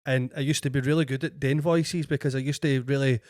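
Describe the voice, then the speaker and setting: A Scottish man hosts a podcast in casual, chatty conversation. His voice is mid-pitched and recorded dry and close. He keeps the talk moving with quick affirmations. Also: steady tone, a little mellow, no echo. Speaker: podcast host. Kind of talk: casual chat.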